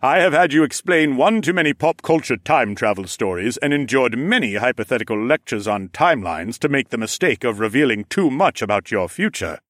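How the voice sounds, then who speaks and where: A man's voice: mid-range voice, sing-song, fairly quick, few pauses, fairly bright tone, no room sound, clean studio sound, pitched above the performer's own voice. A man voicing a jovial, knowing older ram lord with horns, who speaks in a teasing, slightly formal way. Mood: amused.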